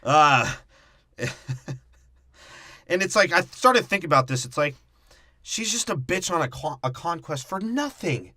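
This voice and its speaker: A man's voice: on the high side, lively intonation, measured pace, long pauses, bright, forceful tone, no echo, clean studio sound. A young man co-hosting a podcast, recapping a movie in a casual, profane, joking way. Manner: profane, jokey, slips into silly character voices. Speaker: podcast co-host.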